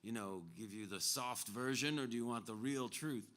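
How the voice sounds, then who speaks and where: A man's voice: mid-range voice, brisk, pushed and bright, pitched above the performer's own voice, natural voice. A man voicing a harsh, self-righteous male faith healer who lectures insistently.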